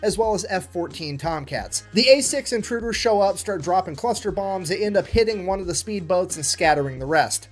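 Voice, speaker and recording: A man narrating a history story in a comedic, animated way, cursing freely. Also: sits high. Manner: animated, profane, jokey.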